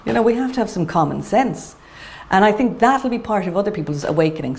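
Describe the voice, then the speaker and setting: A woman in a documentary interview, speaking in a calm, measured way and urging restraint. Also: mid-range voice, slight background noise. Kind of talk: talking-head interview.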